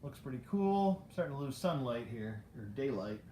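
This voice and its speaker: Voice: medium pitch, sing-song, normal speed, dark tone, a little hiss or hum. Rambling collector in a roomy space. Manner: rambling and self-mocking, talks to the toys, laughs often. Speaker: toy collector unboxing figures. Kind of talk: casual live unboxing chat.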